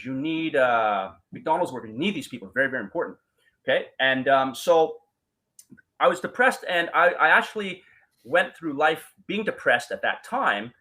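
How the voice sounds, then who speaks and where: Animated bright-voiced man telling stories. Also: medium pitch, low-quality recording. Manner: animated, acts out quoted voices, many fillers. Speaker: guest. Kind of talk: casual storytelling in an interview.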